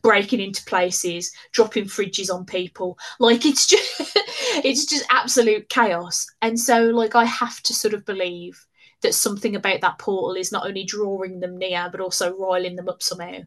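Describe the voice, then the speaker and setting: Woman, casual podcast chat, giggly, mid-pitched voice. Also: normal speed. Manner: laughs often, excitable and gushing. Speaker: podcast guest.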